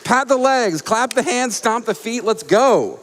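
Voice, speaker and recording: A man's voice: animated, measured pace, fairly bright tone, slight background noise. Hyped-up man hosting live in a hall. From Atlanta, USA. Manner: playful, high-energy hype, jokey. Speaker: event host reading donations. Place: live charity gaming event stage with crowd. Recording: echoey event hall.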